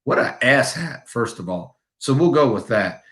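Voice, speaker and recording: A man's voice: mid-range voice, expressive, normal speed, fairly bright tone. A man co-hosting a live fragrance show, ranting in a blunt, mocking and crude way. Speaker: co-host of a fragrance review livestream. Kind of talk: heated livestream rant.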